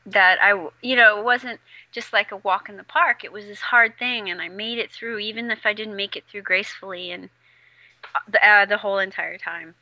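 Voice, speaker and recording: Woman, casual co-host, reflective, very bright tone, slightly dull, dry recording. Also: mid-range voice, a little fast, no echo. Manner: reflective, laughs easily. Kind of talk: casual chat.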